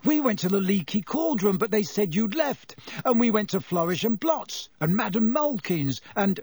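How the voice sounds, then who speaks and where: A man voicing a cheeky, joking teenage boy in a storybook reading, excitable and teasing. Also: high voice, moderate pace, dry recording, voice pushed up. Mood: excited.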